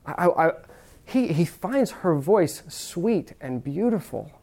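Conversational preacher, higher-pitched man. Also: big pitch swings, gravelly, darkish tone. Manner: conversational preaching, direct questions to the audience; slows down to stress key phrases. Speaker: pastor. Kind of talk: sermon.

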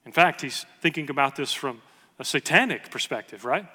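A man's voice: on the high side, expressive, moderate pace, sharp tone, breathy edge, in a large hall. A man preaching a sermon with earnest emphasis, reading scripture aloud to his congregation. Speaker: pastor.

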